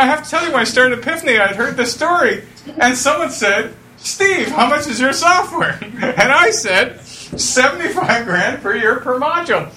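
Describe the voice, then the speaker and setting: A middle-aged man telling lively stories to an audience, acting out the voices he quotes and laughing often. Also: high voice, slight background noise. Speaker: speaker telling startup stories. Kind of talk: lively storytelling talk.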